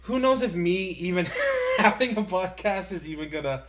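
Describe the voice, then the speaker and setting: A man's voice: high voice, lively intonation, normal speed, fairly bright tone. A young man hosting a casual podcast on a handheld mic, rambling and laughing often. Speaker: podcast host. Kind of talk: casual chat.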